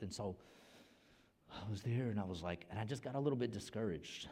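A middle-aged man, a pastor, preaching a sermon with big swings between loud and soft and repeating words as he builds a point. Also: medium pitch, a little fast.

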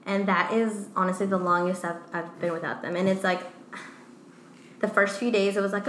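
A woman's voice: medium pitch, moderate pace. Young mother storytelling in an echoey room. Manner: animated storyteller, acts out quoted dialogue. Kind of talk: casual chat. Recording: echoey room, faint background noise.

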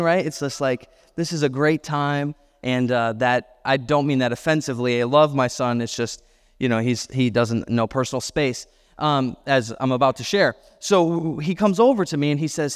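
A man's voice: mid-range voice, moderate pace, clear, resonant tone. A man in his thirties, a pastor preaching a sermon and telling a self-deprecating personal story with chatty asides. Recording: long hall reverb.

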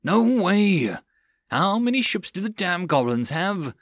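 A fierce fleet commander, voiced by a male narrator, barking orders in a raised, lively voice with a hot temper behind every curse. The storybook reading is close and dry. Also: sits high, moderate pace, dry recording, voice pushed up. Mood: commanding. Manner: roaring orders, angry.

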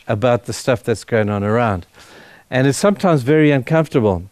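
A middle-aged male pastor preaches a heartfelt testimony in a voice of ordinary pitch for a man. He speaks earnestly and with feeling, stumbling and restarting as he goes. The sound is dry and close, with little room echo. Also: animated, a little mellow. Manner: earnest, emotional storytelling with halting restarts. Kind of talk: sermon told as a personal testimony.

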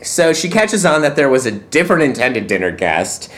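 A man's voice: mid-range voice, sing-song, normal speed, a bit bright. A man from Poland co-hosting a podcast, recapping a movie with wry, dry jokes in a casual chat. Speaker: podcast co-host.

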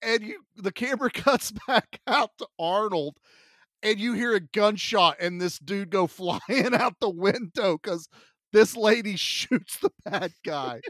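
A man's voice: sits high, a little slow, no echo, clean studio sound. A man co-hosting a casual movie podcast, animatedly retelling scenes and laughing as he goes. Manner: animated, laughing storyteller who quotes scenes. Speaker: podcast co-host.

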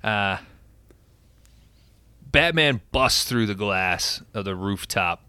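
A man hosting a podcast, giving an excited, profane, casual recap of a movie plot. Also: fairly low pitch, slow pace, clean tone, dry recording. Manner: excited and profane, animated storytelling. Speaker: podcast host.

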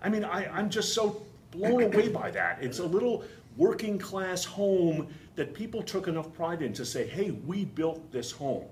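A man's voice: high voice, animated, normal speed, a little mellow, a little hiss or hum. Man with a thick Boston accent. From Boston, USA. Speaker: whiskey company founder, guest. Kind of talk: casual interview talk.

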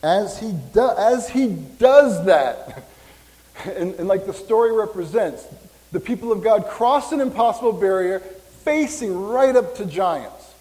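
A man in his fifties, a pastor, delivers a casual, meandering sermon and trades jokes with the congregation. His voice is high, expressive and darkish in tone, and he takes his time. The sound echoes through a reverberant hall.

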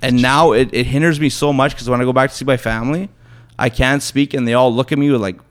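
A young man from Thunder Bay tells loose, rambling stories as a podcast guest. He keeps circling back with "so anyways" and puts on the voices of the people in them. His voice sits at an average pitch. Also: fairly even intonation, fast, smooth. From Thunder Bay, Ontario, Canada. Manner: rambling, restarts with "so anyways", acts out quotes. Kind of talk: casual storytelling.

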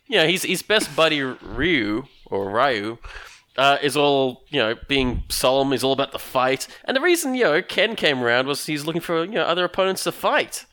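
Bright, animated man riffing casually. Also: on the high side, brisk, few pauses, no room sound. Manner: rambling with many fillers, acts out silly voices. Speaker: podcast co-host. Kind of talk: casual chat.

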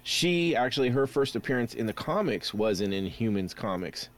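A man's voice: medium pitch, big pitch swings, normal speed. A man hosting a casual pop-culture chat, rambling with many fillers and restarts.

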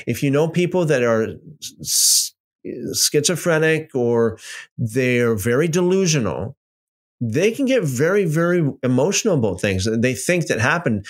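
A man teaching a casual Bible study, talking off the cuff with many restarts and repeated words, and acting out mocking back-and-forth dialogue. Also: medium pitch. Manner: animated, repeats words and restarts sentences, mocks claims with imitated dialogue. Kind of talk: casual unscripted lecture.

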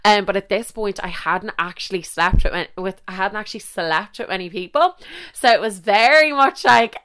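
A woman's voice: medium pitch, normal speed, fairly bright tone, clear, resonant tone. A young Irish woman in her twenties telling a rambling story in a casual monologue, swearing freely and interrupting herself.

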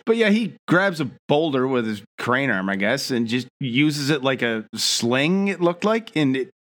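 A man's voice: mid-range voice, big pitch swings, unhurried, fairly bright tone. A man co-hosting a podcast, recapping a cartoon episode in casual, wry chat with frequent laughs. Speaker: podcast co-host.

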